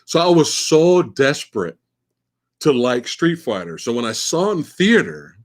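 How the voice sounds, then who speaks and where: A man in his forties hosts a live question-and-answer stream in loose, casual chat. His middle-pitched voice swings widely up and down as he gets animated. He swears freely and often stammers through restarts before landing his point. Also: measured pace. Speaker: livestream host.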